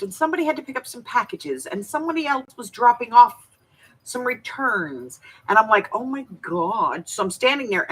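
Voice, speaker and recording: A middle-aged woman hosting a craft livestream from her home desk, chatting casually and telling animated stories with frequent laughter. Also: a little high, slightly rough, rough recording. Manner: animated storyteller, laughs often. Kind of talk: casual chat while crafting.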